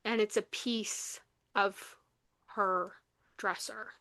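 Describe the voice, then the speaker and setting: A young woman co-hosting a podcast, recapping a novel in casual chat, animated and full of fillers, acting out the lines she quotes. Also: mid-range voice, extremely slow, no echo. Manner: animated retelling, acts out quotes, many fillers. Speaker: podcast co-host. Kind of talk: casual book review chat.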